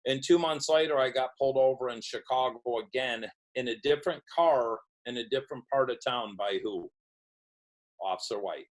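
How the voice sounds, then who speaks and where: A man's voice: mid-range voice, poor audio. Middle-aged man, podcast guest, storytelling, voices the people he quotes. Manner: storytelling, acts out quoted dialogue. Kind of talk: recovery story told in an interview.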